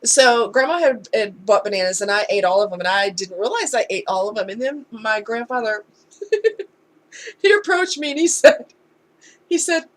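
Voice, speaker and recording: A woman's voice: fairly high pitch, animated, moderate pace. A woman talking candidly in a casual storytime vlog, conversational and heartfelt. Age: adult. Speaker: vlogger.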